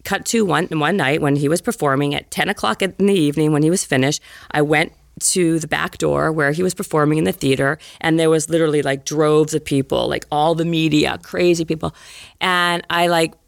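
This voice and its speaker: Animated woman storyteller, dry close sound. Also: brisk, creaky, no echo. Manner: lively storyteller, heavy use of "like"; acts out the people in her story in higher voices. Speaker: guest. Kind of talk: animated anecdote in podcast interview.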